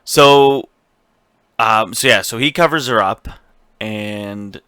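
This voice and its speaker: Bright-voiced man recapping casually. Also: fairly low pitch, slow, smooth, no echo, studio quality. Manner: rambling, swearing, laughs often. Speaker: podcast co-host.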